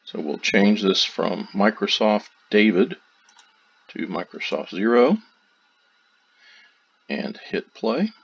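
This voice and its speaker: Man, low voice, talks through a software tutorial step by step; dull, lo-fi sound. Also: slow, creaky, long pauses, husky. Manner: steady step-by-step explaining, loose phrasing. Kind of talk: screen-recorded tutorial narration. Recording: dull lo-fi audio.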